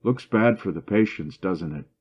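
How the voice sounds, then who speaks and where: A man reading as a loud, boisterous young brother. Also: deep voice, moderate pace, husky, highs cut off. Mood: blustering. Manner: loud and blustering.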